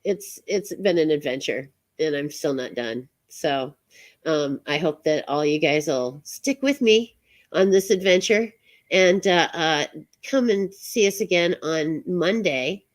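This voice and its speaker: A woman hosting an online show, chatting casually as she signs off, halting with many fillers and frequent laughs. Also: low voice. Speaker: show host. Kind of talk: casual live-stream sign-off chat.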